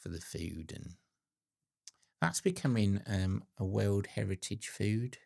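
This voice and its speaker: A man's voice: on the low side, animated, slow, vocal fry, dark tone. A man hosting a podcast, chatting casually and teasing his guest. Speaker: podcast host. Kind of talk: casual chat.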